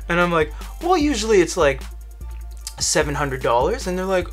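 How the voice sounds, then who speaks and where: A man's voice: sits high, sing-song, normal speed, faint music behind. A young man casually reviewing a gadget, rambling with lots of fillers and restarts. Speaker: tech reviewer.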